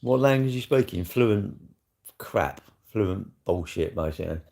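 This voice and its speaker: A man's voice: low voice, expressive, moderate pace, creaky, darkish tone. A middle-aged man with a South East London accent, chatting casually on a live stream in a blunt, sweary, rambling way.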